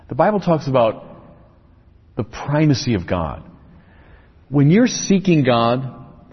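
Male speaker, lecture-style religious talk, lively intonation, dull lo-fi sound. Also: mid-range voice, husky. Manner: explanatory, builds points in lists and rhetorical questions. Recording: echoey, dull lo-fi recording.

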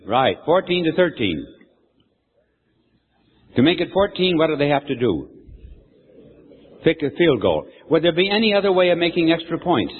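An older man preaching a sermon, telling a folksy story and quizzing his audience. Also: fairly high pitch. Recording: echoey hall, tinny phone-like sound.

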